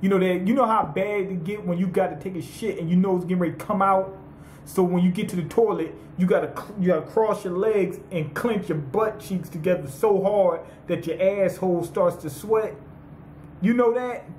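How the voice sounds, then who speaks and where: High-voiced man in a profane recap. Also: normal speed, a little mellow, slight background noise. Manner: profane, rambling, paraphrases characters in slang. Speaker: anime reviewer. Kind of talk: profane comedic episode recap.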